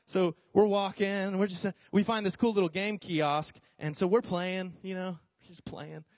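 High-voiced joking young preacher. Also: male voice, normal speed, dry recording. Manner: animated, jokey, acts out voices in quotes. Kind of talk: casual storytelling sermon.

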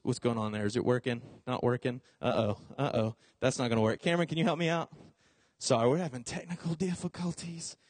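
A young man preaching a casual, storytelling sermon, animated and jokey, acting out voices as he tells it. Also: mid-range voice, no echo.

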